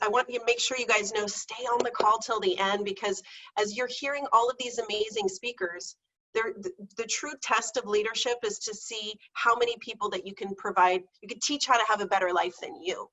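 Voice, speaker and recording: A middle-aged woman speaking over a video call as a guest speaker, excited, emotional and earnest as she shares her story. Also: a little high, poor audio. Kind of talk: motivational personal talk.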